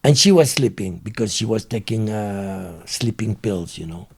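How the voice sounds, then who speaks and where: A man with a French accent, a guest telling his story in halting, broken English with many fillers. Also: lowish voice, animated, creaky, darkish tone, a little hiss or hum. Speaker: interview guest. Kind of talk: casual storytelling.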